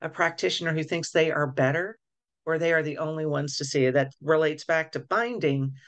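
A woman's voice: sits low, brisk. A woman co-hosting a casual podcast chat as an energy healer, thinking aloud with frequent restarts.

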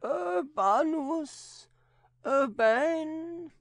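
A male audiobook narrator voicing a possessed nun, with a demon answering through her in a high, strained falsetto and slow, halting words. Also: vocal fry, no room sound, full character voice. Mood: halting, eerie.

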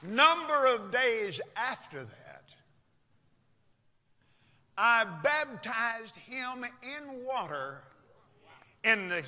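A man preaching a sermon in a church, dramatic and swinging from loud shouts to hushed whispers. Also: sits high. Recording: long reverb of a large hall.

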